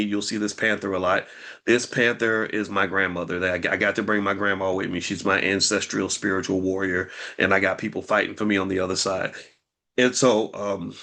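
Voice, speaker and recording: A man's voice: on the low side, a bit bright. A middle-aged man hosting a casual talk to camera about money and mental health, speaking in a loose, folksy way and often repeating words as he goes. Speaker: host.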